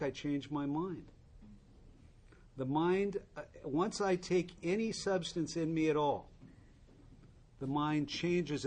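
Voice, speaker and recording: A man's voice: fairly high pitch, darkish tone, slightly rough. Candid man telling his recovery story. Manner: candid, wry storytelling with asides to the listeners. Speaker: recovery speaker.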